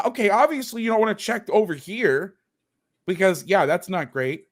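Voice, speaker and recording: A man's voice: sits high, animated, moderate pace. A man hosting as a football coach, breaking down game film on a video call with sarcastic, exasperated commentary.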